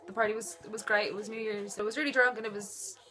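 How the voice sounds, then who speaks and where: A woman's voice: mid-range voice, steady tone, fast, bright, forceful tone, faint music behind. A young woman, telling a rambling story in a chatty, casual way with dry asides. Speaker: vlogger.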